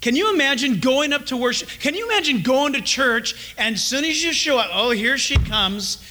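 Bright high-voiced preacher man. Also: a little fast, a little hiss or hum. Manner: animated, asks the congregation questions, acts out quoted voices. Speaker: pastor. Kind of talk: expository sermon.

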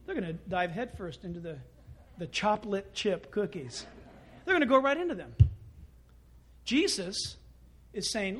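A male pastor preaching a sermon, animated and acting out quoted voices. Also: high-pitched, normal speed, pauses often, breathy edge.

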